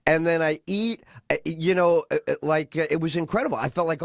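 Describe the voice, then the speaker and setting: A man hosting a radio show in casual chat, telling stories in an animated, rambling way. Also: on the high side, brisk, vocal fry, dry recording, clean studio sound. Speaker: radio host.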